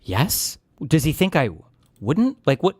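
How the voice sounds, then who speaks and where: A man's voice: on the high side, very animated, slow pace, slightly rough, no room sound. A man reacting to a debate clip in casual commentary, talking in an exasperated, incredulous way.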